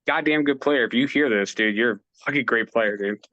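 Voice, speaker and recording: A man's voice: mid-range voice, fairly quick, sharp tone, no echo, dull audio. A man co-hosting a podcast in casual chat, enthusiastic and supportive, swearing casually. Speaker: podcast co-host.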